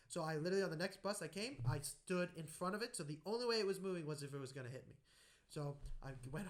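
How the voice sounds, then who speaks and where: A man hosting a podcast, telling anecdotes in a casual, animated way and acting out the voices in his stories. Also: high-pitched, fast talker. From United States. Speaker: podcast host. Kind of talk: casual conversational storytelling.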